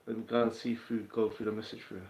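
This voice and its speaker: A man's voice: lowish voice, little pitch movement, fast, gravelly, darkish tone. A man with a London accent hosting a casual livestream, chatting in a streetwise way and answering viewers' comments. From England. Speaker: livestream host. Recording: roomy, dull lo-fi sound.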